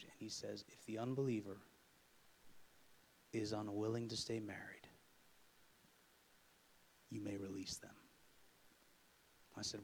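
A young man hosting a podcast, telling a personal story and acting out the dialogue in animated bursts. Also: lowish voice, a little hiss or hum. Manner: animated, acts out dialogue loudly. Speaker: podcast host.

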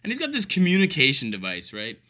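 Sarcastic guy ranting for laughs, swears a lot, very bright voice, pitch jumps all over. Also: wildly swooping pitch, fast talker. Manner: sarcastic, exasperated, profane. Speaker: caregiver telling stories. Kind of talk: comedic rant.

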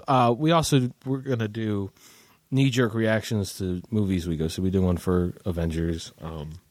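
A man's voice: fairly low pitch, fairly even intonation, normal speed, a little mellow, no echo, clean studio sound. A young man from Maryland hosting a podcast, chatting in a rambling, profane way. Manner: profane, rambling, slips into goofy put-on voices. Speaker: podcast host. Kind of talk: casual chat.

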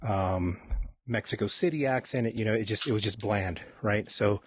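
A man from Texas telling stories in a casual conversation, reflective and halting, often restarting his sentences. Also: lowish voice, breathy edge, no room sound. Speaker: podcast guest. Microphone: close mic on his own end.

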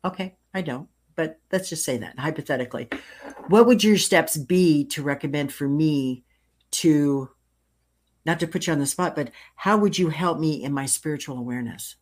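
A woman's voice: sits low, normal speed, a little mellow. An older woman hosting a casual interview, telling a story and laughing at her own jokes. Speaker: host.

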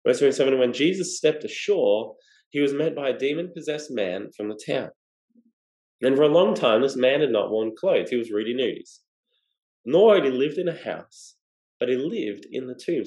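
A man's voice: mid-range voice, gravelly, darkish tone, roomy sound, poor audio. A man preaching a sermon, explaining scripture and asking rhetorical questions. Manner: expository, asks rhetorical questions.

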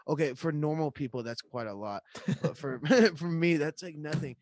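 A man's voice: a little high, no echo. Laid-back man in casual chat. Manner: laid-back, swears, drawn-out anecdote.

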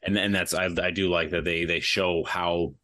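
Deep voiced guy on a movie podcast, earnest, stumbles and repeats himself. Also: flat delivery, normal speed, pushed and bright, no echo. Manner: earnest, repeats words as he talks. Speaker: podcast guest. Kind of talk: casual film discussion.

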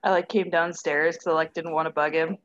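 Lower-voiced woman on a dull lo-fi mic. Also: steady tone, fairly quick, fairly bright tone. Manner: wry, self-deprecating. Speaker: podcast co-host. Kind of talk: casual chat. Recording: slightly dull lo-fi sound.

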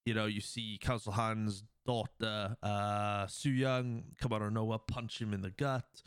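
Smooth-voiced man rambling through a film recap. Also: fairly low pitch, steady tone, measured pace, no echo, studio quality. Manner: rambling, heavy with fillers; acts out quoted lines. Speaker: podcast host. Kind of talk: casual film plot recap.

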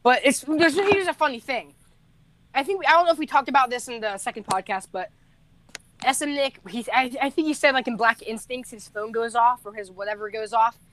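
A man's voice: extremely high pitch, brisk, fairly bright tone, slight background noise. Rambling teenage guy musician. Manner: rambling, laughing, self-correcting storyteller. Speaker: musician and podcast co-host. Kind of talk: casual podcast chat.

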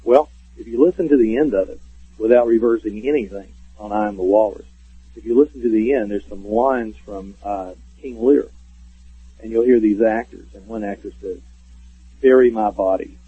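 A man's voice: on the low side, moderate pace, slightly rough, no echo. A man calling in as a guest on a radio show, telling stories at length with many fillers and restarts. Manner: rambling storyteller with many fillers. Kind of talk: casual radio interview. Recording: tinny phone line.

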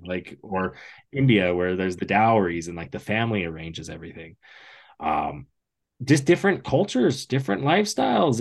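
A man co-hosting a podcast in casual chat, telling stories with big swings in his voice. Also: moderate pace. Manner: animated storyteller with big pitch swings.

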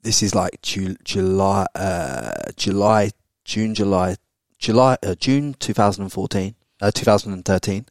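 A man's voice: sits low, measured pace, dry recording, studio quality. A man, telling a candid personal story as a podcast guest, blunt and full of swearing. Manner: blunt and sweary, with frequent tag questions.

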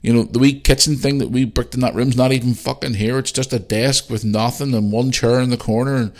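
A man's voice: mid-range voice, steady tone, pitched above the performer's own voice, lightly acted. A man putting on his furious swearing dad. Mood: furious ranting. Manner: loud, fast, sweary ranting. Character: irate older father, swearing, ranting.

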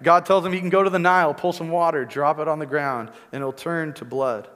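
A man's voice: fairly high pitch, steady tone, fairly quick, a bit bright. A male preacher giving a conversational teaching sermon, often checking in with "right?" asides. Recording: long reverb in a large hall.

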